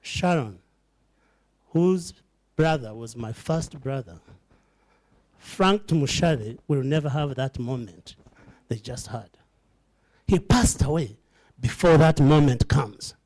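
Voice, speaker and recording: A man's voice: on the high side, slow, long pauses, a little mellow. A middle-aged man giving an emotional fundraising speech to a live audience in an event hall. He talks like a preacher, calls out to the crowd directly and builds to fervent peaks. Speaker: charity founder addressing donors.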